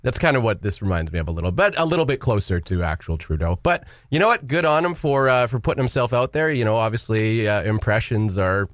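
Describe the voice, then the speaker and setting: A Canadian man co-hosting a radio chat show, easygoing and wry. His pitch moves around a lot as he talks. The recording is dry and close. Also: expressive, fast, hardly any pauses, fairly bright tone, no echo. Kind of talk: casual chat.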